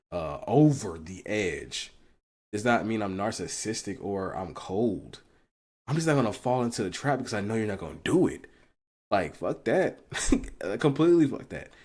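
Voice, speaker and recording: A low-pitched man riffs through a casual reaction commentary, blunt and profane. He swears freely and breaks into laughter often as he makes his point. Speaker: commentary channel host.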